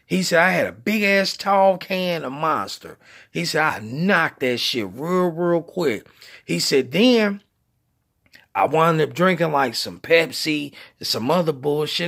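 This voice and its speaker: Casting note: male storyteller, high voice, unhurried, street slang, cusses freely, does voices for the people in his story. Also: creaky. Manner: slangy, profane, laughs while telling; acts out quoted voices with lively pitch. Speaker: truck driver telling stories. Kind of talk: casual storytelling to camera.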